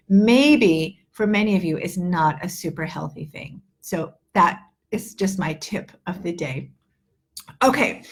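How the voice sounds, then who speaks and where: A woman's voice: mid-range voice, husky. A woman in her fifties, an English teacher and accent coach, giving a chatty, earnest live online lesson with many fillers and restarts. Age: 50s.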